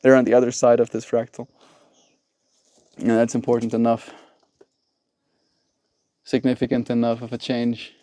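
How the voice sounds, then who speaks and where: A man of average pitch talks through a casual live stream, replying to viewers in a playful, chatty way. He laughs easily and keeps a loose, friendly flow. The sound is dry and close. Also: completely flat delivery, moderate pace, long pauses, warm tone, no room sound. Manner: playful, laughs often, mock voices for viewers. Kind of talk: casual live-stream chat reading chat messages. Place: outdoors with mosquitoes.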